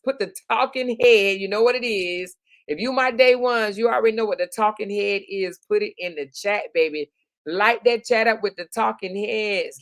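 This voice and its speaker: A woman hosting a live stream with a gravelly edge to her voice, reading out viewers' comments. She talks in a chatty, affectionate way, calling people honey and girl. The recording is dry and close, with no room sound. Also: medium pitch, no echo. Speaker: YouTube live stream host.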